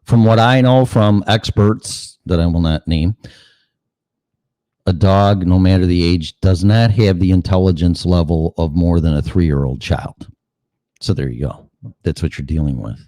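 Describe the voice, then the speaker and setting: A man's voice: low voice, measured pace, warm tone, no echo. A man hosting a show in a casual, rambling monologue, cursing freely and asking rhetorical questions. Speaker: show host.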